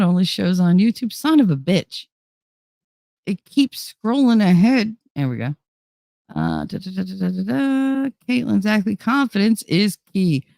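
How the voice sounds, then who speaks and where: A woman's voice: medium pitch, a little mellow, no echo, studio quality. Blunt, swearing woman livestream host. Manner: blunt and profane, reading chat aloud. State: tired, running on fumes. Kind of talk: casual livestream chat.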